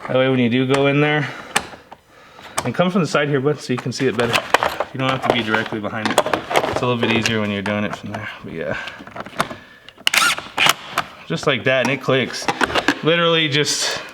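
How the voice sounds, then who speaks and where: A man casually talking viewers through a hands-on vehicle repair, relaxed and chatty as he works. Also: mid-range voice, fairly quick, pauses often. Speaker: DIY vehicle tutorial host. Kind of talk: casual hands-on how-to walkthrough. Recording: roomy echo with faint noise.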